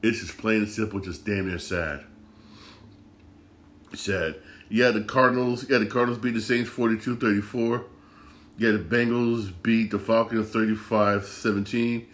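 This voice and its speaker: A man with a lowish, slightly bright voice hosts a sports podcast, speaking at normal speed in a steady tone with a roomy sound. His casual rant is frustrated and repetitive, full of stammering restarts.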